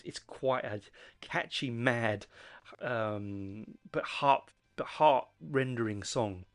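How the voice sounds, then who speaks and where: A man's voice: mid-range voice, no echo. A man hosting a podcast and reviewing an album in a casual way. He talks earnestly and with enthusiasm, often stopping and restarting his phrases as he searches for words.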